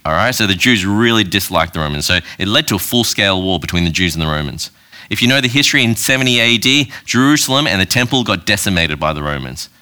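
Male pastor, conversational sermon delivery, bright edge, slightly low voice. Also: animated, quick pace. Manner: conversational, asks the audience questions, frequent "all right".

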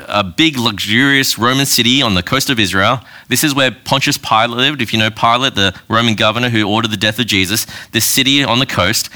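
A man's voice: medium pitch, sharp tone. A man preaching a sermon in a conversational way, often asking the congregation questions and checking in with "all right". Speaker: pastor.

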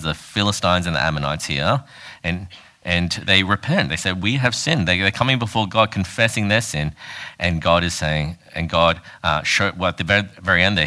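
Male preacher, lowish pitch, crisp bright tone, chatty storytelling sermon. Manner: casual, animated storytelling with quoted voices. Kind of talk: conversational sermon.

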